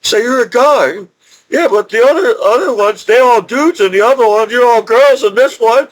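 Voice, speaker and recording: Middle-aged man, high voice, rambling vlog storyteller who repeats himself and restarts a lot. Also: moderate pace, low-quality recording. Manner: rambling, repetitive, restarts often, excitable. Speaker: vlogger telling stories.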